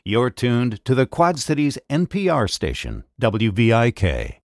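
A male station announcer reading station identification and sponsor credits in a lively, upbeat manner. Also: mid-range voice, measured pace, dry recording, clean studio sound.

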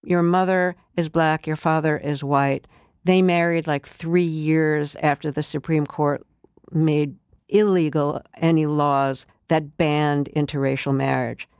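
An interview host who reads a measured introduction and then asks questions in an informative, admiring way. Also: medium pitch, steady tone, darkish tone, clean tone, no echo, clean studio sound. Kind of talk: radio-style interview, reading an introduction then asking questions.

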